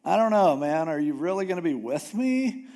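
A man's voice: fairly high pitch, big pitch swings, moderate pace, mellow. A man voicing a wavering male prophet who begs and doubts in an anxious, whiny way, like a little kid. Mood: doubting.

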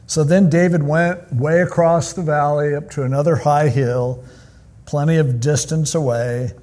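A male pastor preaching a sermon in an animated, conversational style as he retells a Bible story. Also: mid-range voice.

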